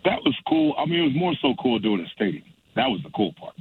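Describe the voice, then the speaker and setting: A man's voice: mid-range voice, sing-song, fast, slightly rough, no room sound. A young adult man, a stand-up comedian, chatting casually and rambling with many restarts and laughs. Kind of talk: casual phone interview. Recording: dry phone line.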